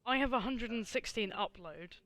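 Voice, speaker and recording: A woman runs a tabletop game over a voice call, her tone bright and crisp. She swears freely and sounds fed up as she narrates what happens to the players. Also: fairly high pitch, expressive, normal speed, no echo. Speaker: game master.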